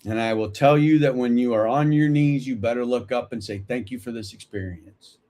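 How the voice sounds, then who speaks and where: A man's voice: mid-range voice, fairly quick, dark tone. A man in his fifties hosting a live talk, earnest and reflective, often checking in with "right?". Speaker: host of a veterans support livestream.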